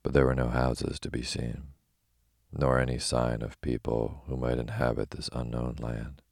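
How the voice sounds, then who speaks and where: Very deep, gravelly male bedtime reader. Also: little pitch movement, normal speed, a little mellow, no echo, clean studio sound. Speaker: narrator. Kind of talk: sleepy bedtime story reading.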